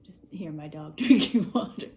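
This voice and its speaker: A woman's voice: low-pitched, expressive, normal speed, a little mellow. A young woman chatting casually and joking while crafting at home with a friend. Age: young adult. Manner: playful, jokey, laughs often. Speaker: vlogger. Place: home, indoors.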